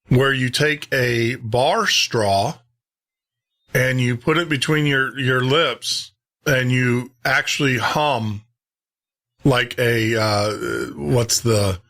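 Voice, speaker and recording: A man from Tennessee hosting a show, chatting casually with frequent pauses and restarts. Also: medium pitch, fairly bright tone. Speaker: radio show host. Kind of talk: casual chat.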